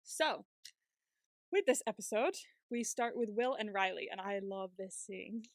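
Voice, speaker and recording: A woman on a podcast recaps a TV episode with her co-host, her mid-range voice moving a little slowly. She keeps things casual, often laughing and acting out the characters' lines. The studio-quality recording has no room sound.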